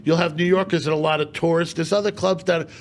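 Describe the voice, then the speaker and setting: A man's voice: on the high side, quick pace. A man, a comedian guest, telling stories on a podcast and animatedly acting out the people in them. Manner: animated, acts out quotes in a raised voice. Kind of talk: casual podcast storytelling.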